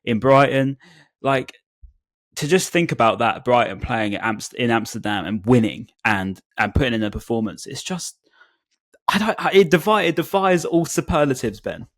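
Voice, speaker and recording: Young male co-host, casual and chatty, mid pitch. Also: normal speed, fairly bright tone, no echo, studio quality. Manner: chatty, many "like" fillers. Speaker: podcast co-host. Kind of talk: casual football podcast chat.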